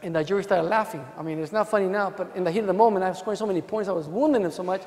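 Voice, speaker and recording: A man with a high-sitting, darkish voice speaks very fast in a big-sounding hotel conference hall. He's a DUI defense lawyer giving a joke-filled talk, playing out courtroom stories and performing exchanges with police and jurors.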